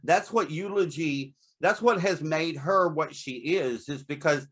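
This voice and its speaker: A candid, chatty man talks through an interview about his horror hosting show, breaking into laughter often. His voice sits a little high for a man and carries easy good humor. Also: measured pace, slightly rough. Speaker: guest, horror host performer. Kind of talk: casual interview.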